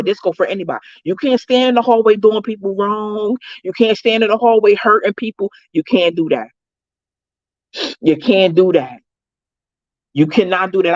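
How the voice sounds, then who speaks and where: A woman's voice: fairly low pitch, a little mellow, no room sound, muffled recording. A woman who advocates for prisoners, giving an emphatic, preachy motivational talk, repeating phrases and calling her listeners baby.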